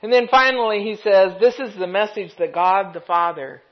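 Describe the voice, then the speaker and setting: A pastor preaching a gentle, reflective sermon, laughing softly now and then. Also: mid-range voice, moderate pace. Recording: dull lo-fi recording.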